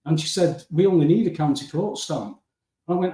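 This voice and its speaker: A man with an animated storytelling manner, acting out dialogue as a guest in a casual interview. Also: a little high, moderate pace. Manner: animated storytelling, acting out dialogue, often addressing the host by name. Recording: roomy, distant mic.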